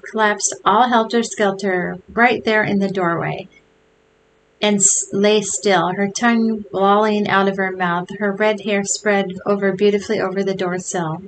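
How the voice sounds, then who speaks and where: A woman reads a children's chapter book aloud in an animated storytelling style. She jumps up in pitch for excited or shouted lines. A faint hiss sits under her voice. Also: low-quality recording. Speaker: reader.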